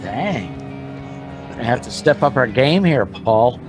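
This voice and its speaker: A man adds color commentary to an endurance car race with dry, wry asides. His voice has an ordinary middle pitch, and faint music plays behind him. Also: expressive, slow pace. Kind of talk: casual race commentary banter.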